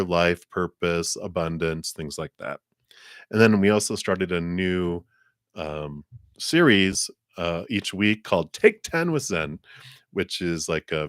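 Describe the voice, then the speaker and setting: Male host giving live tarot readings, very low voice, dry close sound, easygoing and rambling. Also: no room sound. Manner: relaxed, rambling, with fillers and spiritual talk. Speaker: tarot card reader, channel host. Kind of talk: live-stream card reading.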